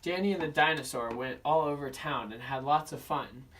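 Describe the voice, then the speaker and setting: A young man narrates a children's picture book in steady storybook fashion, a little high for a man. He is heard from well back in a classroom, caught by a distant camera mic. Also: moderate pace. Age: young adult. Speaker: student reader. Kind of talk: oral interpretation reading of a children's picture book.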